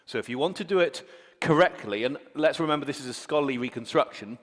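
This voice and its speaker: A man's voice: medium pitch, expressive, fast talker. A man explaining a point of pronunciation in a precise, corrective lecture style. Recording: long hall reverb.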